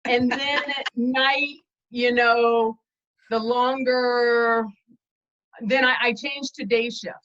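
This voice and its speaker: Chatty woman guest, slightly high voice. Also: little pitch movement, slow pace, fairly bright tone, highs cut off. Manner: chatty, candid, self-deprecating. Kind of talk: casual storytelling interview.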